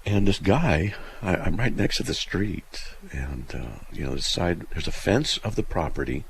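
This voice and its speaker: A man hosting a call-in radio show, telling stories in an animated way, often laughing and acting out other people's shouting. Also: low-pitched, a little slow, creaky. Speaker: radio host. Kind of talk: casual storytelling on call-in radio.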